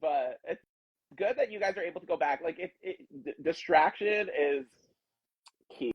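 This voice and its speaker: A man's voice: a little high, normal speed, over a noisy crowd. A man, a former reality show contestant, speaking casually in a group chat and often restarting his sentences. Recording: muffled dry lo-fi audio.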